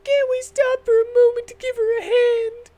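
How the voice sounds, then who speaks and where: Woman doing a squeaky meddling girl. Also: level tone, moderate pace, mellow, low-quality recording. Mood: eager. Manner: high, squeaky, pushy put-on voice. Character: meddling, eager young woman matchmaker.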